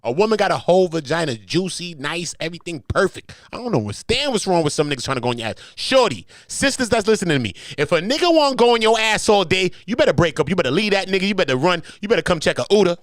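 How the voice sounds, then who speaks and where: Guy hosting a live reaction stream, cussing a lot, big swingy voice, kinda high, dry sound. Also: fast, few pauses, no echo, faint music behind. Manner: animated, profane, swings between shouting and muttering. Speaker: host.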